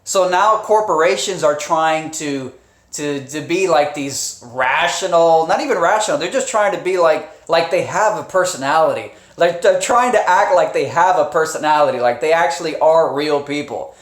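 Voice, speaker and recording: A man's voice: fairly high pitch, lively intonation, normal speed, fairly bright tone. A man hosting a casual live stream, talking loosely with restarts, chuckles and swearing. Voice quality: rambling, with frequent restarts and profanity. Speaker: live streamer and channel host. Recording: roomy echo.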